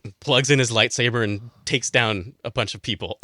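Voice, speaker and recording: Excited dude gushing on a podcast, bright voice, dry sound, keeps laughing. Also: male voice, mid-range voice, moderate pace, dry recording. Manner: enthusiastic, rambling, laughs often. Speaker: podcast co-host. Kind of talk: casual roundtable chat.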